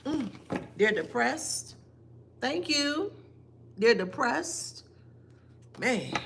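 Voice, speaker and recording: Gravelly-voiced woman giving a spiritual reading. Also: high-pitched, lively intonation, drawn-out words, a bit bright. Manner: taunting, emphatic rhetorical questions. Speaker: tarot reader.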